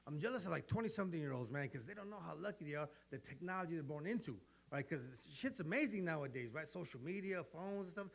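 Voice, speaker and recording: A man's voice: a little high, lively intonation, quick pace, creaky, hardly any pauses. A man, telling stories in a brash, profane stand-up comedy set. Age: 40s. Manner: brash, profane storytelling with acted-out dialogue.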